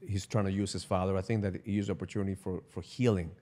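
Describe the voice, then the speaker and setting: A man's voice: sits low, steady tone, rapid-fire, warm tone. Reflective man hosting a podcast. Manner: reflective, questioning, repeats words. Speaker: podcast host and coach. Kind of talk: casual podcast chat.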